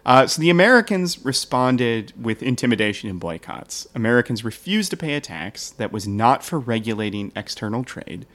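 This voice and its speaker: A man's voice: medium pitch, sing-song, moderate pace, few pauses, a bit bright. Man explaining history in casual chat. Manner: explains at length, laughs easily. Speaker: history podcast host.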